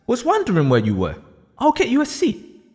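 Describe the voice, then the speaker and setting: A man voices a gentle, reassuring teacher, pitched noticeably higher than his narration. The voice lilts up and down a great deal. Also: huge pitch swings, moderate pace, husky, long reverb tail, exaggerated voice. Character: calm, patient classroom teacher.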